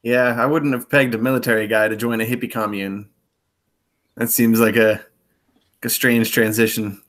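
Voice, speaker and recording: A man's voice: medium pitch, steady tone, normal speed, fairly bright tone. A man as a guest in a casual TV recap chat, laid-back with dry humor. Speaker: guest co-host.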